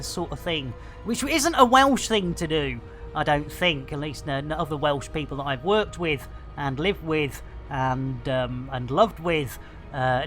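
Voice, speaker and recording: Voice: mid-range voice, pushed and bright. Boisterous, jokey streamer. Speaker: game streamer. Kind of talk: playing a space game and chatting.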